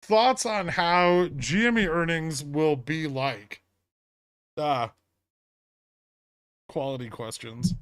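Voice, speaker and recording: A man's voice: a little high, slow, pauses often, clear, resonant tone, dry recording. A man hosting a casual trading livestream, reading chat questions and answering with dry, sarcastic humor. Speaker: livestream host.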